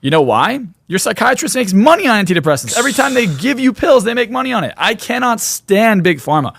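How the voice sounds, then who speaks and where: A man's voice: high voice, very animated, fast talker, vocal fry, fairly bright tone, no room sound. A man speaking as a podcast guest in a blunt, emphatic, opinionated way. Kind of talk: podcast interview.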